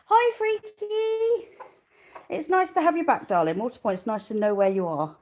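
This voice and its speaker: A woman's voice: medium pitch, sing-song, fast talker, darkish tone, a little hiss or hum, low-quality recording. A woman chatting casually on a live stream from outdoors by her car on a smallholding. She rambles, laughs often and greets viewers by name. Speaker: smallholder vlogger.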